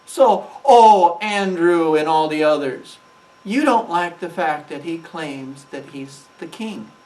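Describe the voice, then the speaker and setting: A man's voice: fairly high pitch, lively intonation, takes it slowly, darkish tone, recorded from a distance, poor audio. A man co-hosting a reaction show, speaking in a defiant way with the emphasis of a preacher. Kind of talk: casual commentary reacting to a sermon.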